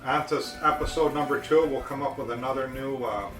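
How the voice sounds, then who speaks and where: A man's voice: mid-range voice, steady tone, brisk, fairly bright tone. A man hosting a home cooking show, chatting loosely over a meal with restarts, recorded from a distance in an echoey room with music playing. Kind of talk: casual chat over a meal.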